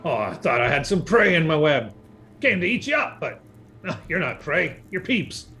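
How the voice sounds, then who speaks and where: A giant, hungry male spider that talks in a high, rough voice, as a man puts him on. His pitch swings wide and lively, and his tone is bright. A faint hiss sits behind him. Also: moderate pace. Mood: casual.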